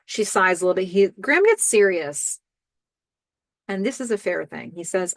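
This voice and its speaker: A woman's voice: mid-range voice, normal speed, creaky, dry recording. Middle-aged woman host, enthusiastic recapper, dry close sound. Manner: animated, enthusiastic. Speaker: podcast host. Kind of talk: TV episode recap.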